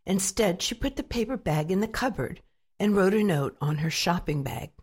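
Lively woman reading a storybook. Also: lowish voice, moderate pace, slightly rough. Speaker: narrator.

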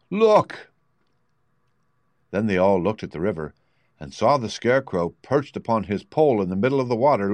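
A man calmly narrating a storybook aloud. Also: lowish voice, no room sound.

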